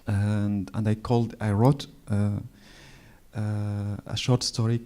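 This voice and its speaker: A man in his forties from Morocco with a Moroccan French accent, speaking in a halting, hesitant way and reading his own prose at a library event. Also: on the low side, little pitch movement, dark tone, clear, resonant tone. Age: 40s. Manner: hesitant, halting, frequent fillers. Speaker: author. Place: public library event hall.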